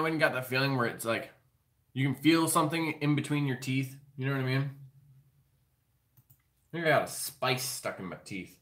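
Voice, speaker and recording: A man's voice: mid-range voice, fairly bright tone. A man hosting a live stream, rambling through jokes and announcements in a profane, loose, conversational way. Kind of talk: rambling comedic monologue.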